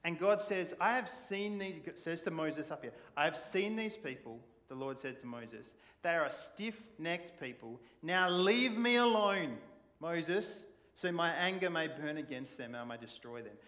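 A man's voice: fairly high pitch, normal speed, hardly any pauses. Man preaching in a reverberant hall. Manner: conversational, animated storytelling. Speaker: pastor. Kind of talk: sermon. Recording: long church hall reverb.

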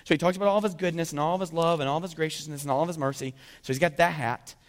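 A man preaching a sermon in an animated way, acting out the dialogue of the figures he talks about and often asking "right?" of his listeners. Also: fairly high pitch, very fast. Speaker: pastor. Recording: long hall reverb.

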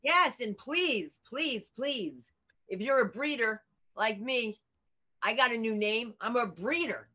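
A middle-aged American woman comedian and teacher, telling stories in an animated, outspoken way during an interview. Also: on the high side, slow pace. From United States. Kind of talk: conversational interview over video. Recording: dull lo-fi audio.

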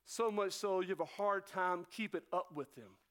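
A pastor from North Carolina with a high-pitched voice delivers a sermon to his congregation. He talks fast and excitably, then abruptly slows way down to hammer home each point.

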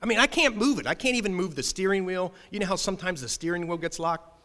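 Animated male pastor in a reverberant hall. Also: high voice. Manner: animated, emphatic, quick restarts. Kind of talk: sermon with personal storytelling.

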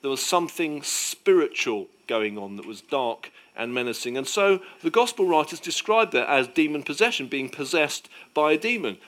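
A man preaching a sermon with emphatic delivery, swinging between loud declarations and hushed moments. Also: on the high side.

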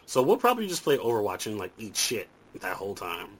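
A man's voice: on the low side, wildly swooping pitch, fast, rough recording. A man hosting a podcast, chatting casually, swearing freely and laughing often. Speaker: podcast host. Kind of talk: casual profane banter.

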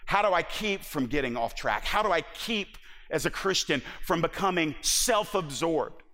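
A man's voice: fairly high pitch, lively intonation, normal speed, pushed and bright. A man preaching a sermon in an impassioned, emphatic way, often restarting his words. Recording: long reverb of a large hall.

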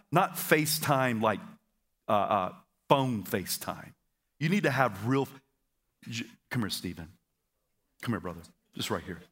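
Man, pastor, sermon, energetic, congregation repeats after him, stammers and asides. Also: medium pitch, slightly rough. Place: church auditorium.

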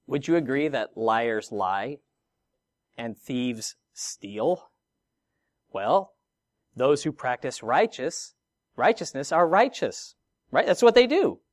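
A man's voice: medium pitch, animated, slow pace, pauses often, no echo, studio quality. A middle-aged man preaching a sermon, teaching with everyday examples and rhetorical questions. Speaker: pastor.

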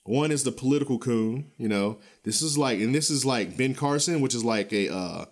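A man's voice: mid-range voice, moderate pace. Profane, ranting male podcast host. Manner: blunt, profane, animated ranting with frequent chuckles; loose, rambling delivery with many restarts and fillers. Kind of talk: casual ranting podcast commentary.

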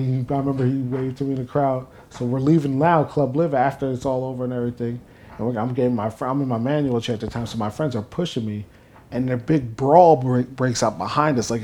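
In a medium-pitched voice, a young guest from New Jersey swaps casual stories during an interview. He acts out what people said, getting more and more worked up as he goes.

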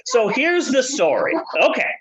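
A man hosting a podcast, telling a funny story in a casual, profane, jokey way with quick asides. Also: extremely high pitch, huge pitch swings, a crowd in the background, rough recording.

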